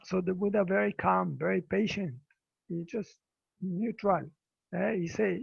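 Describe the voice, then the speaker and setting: Male Buddhist teacher, halting storytelling English; high, dry voice over a lo-fi video call. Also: fairly even intonation, gravelly, breathy edge, no echo. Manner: halting non-native English, repeats words. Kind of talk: dharma talk storytelling. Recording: dull lo-fi video call audio.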